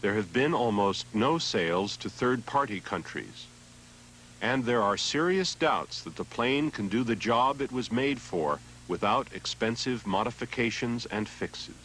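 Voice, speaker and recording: A man reading scripted documentary narration in an even, measured way. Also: mid-range voice, slight background noise, low-quality recording.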